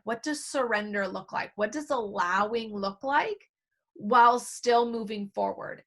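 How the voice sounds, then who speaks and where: A woman's voice: on the high side, a bit bright. A woman giving a productivity training talk as a coach, acting out quoted inner self-talk along the way.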